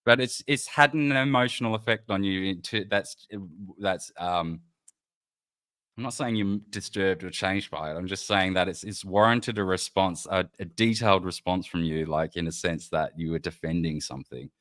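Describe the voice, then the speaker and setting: A man's voice: low-pitched, moderate pace, fairly bright tone, no echo, studio quality. A man co-hosting a casual news-and-banter podcast, teasing his partner and talking with many restarts. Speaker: podcast co-host.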